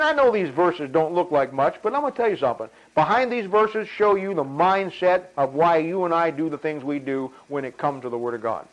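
A man preaching a sermon in an animated, folksy way, acting out voices of the people in his story. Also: a little high. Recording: dull lo-fi sound.

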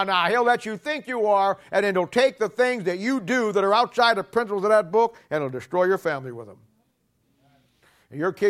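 A man preaching a sermon emphatically, voice dropping low and soft at the ends of points. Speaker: pastor.

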